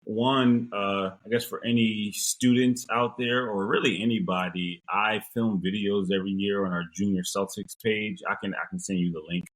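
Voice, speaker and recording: A young man, a sports coach, answering interview questions in a relaxed, thoughtful way with many fillers. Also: on the low side, moderate pace, hardly any pauses, low-quality recording. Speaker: strength and conditioning coach.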